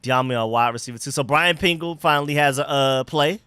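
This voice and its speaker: A man hosting a casual live football stream, chatting excitedly with viewers and reacting to plays. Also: medium pitch, a little fast, clean tone, dry recording. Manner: excited, chatty, talks to chat and his dogs. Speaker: livestream host.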